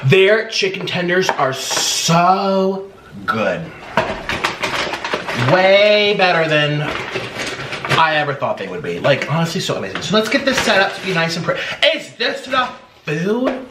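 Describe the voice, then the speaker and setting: Recorded from a distance, this young mukbang host has a high-pitched, very animated voice yet keeps a measured pace. Chatting casually about food in a room at home, he's hyper and bubbly, full of sing-song exclamations, with echo and a faint hiss from the set-back mic.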